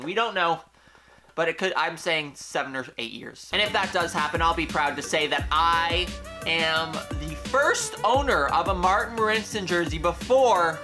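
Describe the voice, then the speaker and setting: Young male vlogger, peppy and opinionated, casual Q&A delivery with music underneath. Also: fairly high pitch. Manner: energetic, playful, opinionated. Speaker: YouTube host. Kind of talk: casual Q&A vlog.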